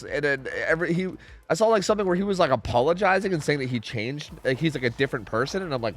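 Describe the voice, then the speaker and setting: Animated, swearing male streamer. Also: fairly high pitch, fairly quick, soft background music. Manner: animated, profane, ranting. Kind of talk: casual chat.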